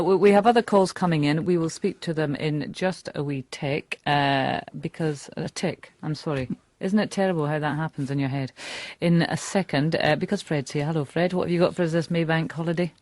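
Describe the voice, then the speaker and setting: A woman's voice: low voice, darkish tone, no room sound. Chatty woman radio host. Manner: chatty, quick to joke and laugh. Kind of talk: live radio phone-in chat. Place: radio studio. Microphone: studio microphone.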